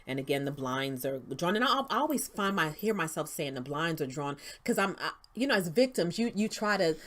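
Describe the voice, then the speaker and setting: A woman telling her personal story as an interview guest, earnest and faith-driven, sometimes dropping to a hush. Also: low voice, sing-song, fairly quick. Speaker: interview guest, founder of a women's outreach.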